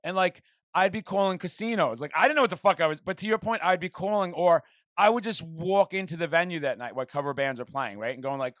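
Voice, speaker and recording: A man's voice: on the high side, fairly bright tone, no room sound, clean studio sound. A man hosting a podcast, talking in heated, swear-filled rants during casual chat. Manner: profane, heated, fast-flowing rants. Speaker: podcast host.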